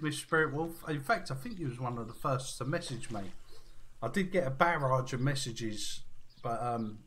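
A man's voice: medium pitch, fairly bright tone, slight background noise. A man live-streaming a fishing game, chatting casually and reading viewer messages aloud.

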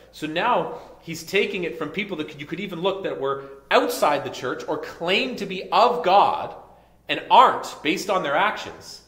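A male pastor preaching a conversational sermon, dropping soft and low when reading scripture. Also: expressive, normal speed, reverberant. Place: church sanctuary.

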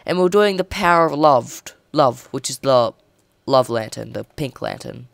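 A woman hosting a casual let's play with excitable, chatty commentary. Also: very deep voice, vocal fry. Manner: excitable, chatty, quick reactions. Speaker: gaming channel host. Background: faint game music.

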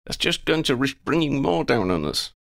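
A man's voice: mid-range voice, big pitch swings, moderate pace, creaky, fairly bright tone, no room sound, studio quality, pitched above the performer's own voice. A man voicing a determined young woman who leads a group, speaking with urgency. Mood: firm.

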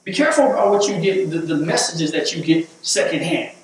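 A man's voice: a little high, expressive, brisk, a little hiss or hum. A man preaching a sermon as pastor, repeating words as he builds to emphatic points. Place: church sanctuary. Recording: echoey church hall, mic at a distance.

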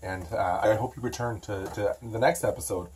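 A man hosting a comedy show outdoors, talking in a rambling, halting, gushing way that turns excitable. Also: lowish voice, husky, recorded from a distance. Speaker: comedy show host in character. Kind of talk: mock-earnest outdoor comedy monologue.

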